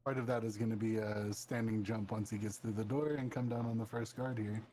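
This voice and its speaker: A man's voice: lowish voice, steady tone, brisk, mellow. A man playing a tabletop game, talking in an amused, joking way. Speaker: player. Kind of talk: casual tabletop play.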